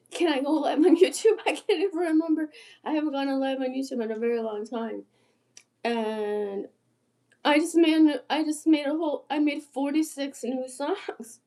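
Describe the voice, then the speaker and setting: A woman in her sixties rambling casually on a late-night livestream, her voice hoarse and tired, often sinking to a whisper, swearing freely and laughing between phrases, picked up by an iPad. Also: fairly high pitch, dark tone. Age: 60s. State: hoarse after illness. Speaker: musician livestreaming.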